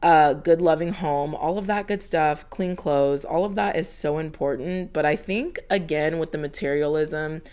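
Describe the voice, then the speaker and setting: Woman, 30s, low-pitched vlog narrator; chatty and earnest, slightly breathless. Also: a little mellow, smooth. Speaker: homemaking vlogger. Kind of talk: casual voiceover narration.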